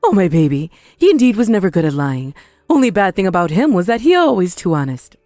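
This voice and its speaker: A woman playing a shrill scheming mother-in-law. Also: very animated, brisk, mellow, dry recording, clean studio sound, faint music behind. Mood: doting. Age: older. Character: pushy older woman, scheming ex-mother-in-law, blames everyone else. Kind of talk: dramatized story voice acting.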